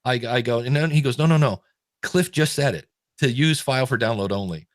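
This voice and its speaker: Middle-aged male podcast host, casual animated storyteller, dry close mic. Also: mid-range voice, brisk, dry recording. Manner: animated, stumbling restarts when excited.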